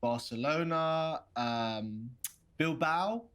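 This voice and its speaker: A man's voice: fairly high pitch, lively intonation, drawn-out words, fairly bright tone, clean tone, full character voice. An actor with a London accent playing a nervous young man stammering through a video date in a game. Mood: awkward. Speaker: game protagonist. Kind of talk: game voice acting.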